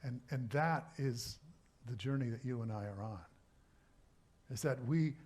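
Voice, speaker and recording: A man, a minister, giving a sermon talk in a relaxed, conversational way, pausing often and restarting his sentences. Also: medium pitch. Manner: conversational, halting, with many restarts. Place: church service.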